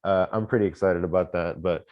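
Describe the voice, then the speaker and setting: Deep-voiced man rambling on a call. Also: fairly even intonation, fairly quick, lo-fi sound. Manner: chatty, rambling, frequent restarts and joking asides. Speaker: space-tourism lodging owner. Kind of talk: casual live-stream interview.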